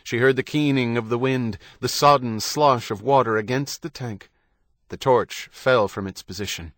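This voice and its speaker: Guy reading an audiobook, steady storytelling, dry booth sound. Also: medium pitch, moderate pace, dry recording. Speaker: audiobook narrator. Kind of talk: scripted narration.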